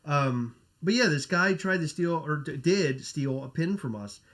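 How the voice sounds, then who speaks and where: A man's voice: on the high side, expressive, measured pace, a bit bright. A man hosting a casual livestream, rambling and correcting himself while reading chat names and swearing. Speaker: podcast host.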